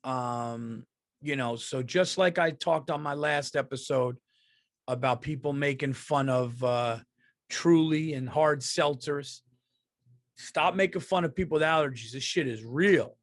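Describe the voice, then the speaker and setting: A man's voice: medium pitch, unhurried, no room sound, clean studio sound. A man in his thirties, a comedian hosting a casual solo podcast, rambling and profane, stuffy from allergies. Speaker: podcast host and stand-up comedian.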